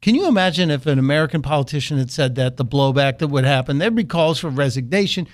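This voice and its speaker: Radio talk guy ranting sarcastically, slightly high voice, restarts here and there. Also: animated, fast talker. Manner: sarcastic, mocking. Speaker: radio talk show host. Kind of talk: political commentary monologue.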